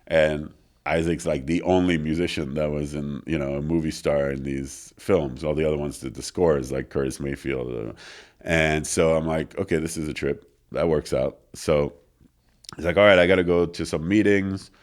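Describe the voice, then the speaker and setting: Very deep-voiced man telling a story. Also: moderate pace. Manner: animated anecdote with quoted voices, filler-heavy. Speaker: interview guest. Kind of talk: casual storytelling. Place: recording studio.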